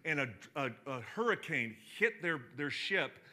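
Bright-voiced man preaching casually. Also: fairly high pitch, sing-song, measured pace. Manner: conversational, rambling with many restarts and fillers. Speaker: pastor. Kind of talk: sermon.

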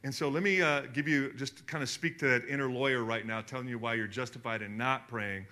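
A man preaching a sermon to his congregation, telling stories animatedly, with sudden jumps in loudness. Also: medium pitch, fairly quick. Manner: animated storytelling, emphatic swings in loudness. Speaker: pastor. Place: church hall in front of a congregation.

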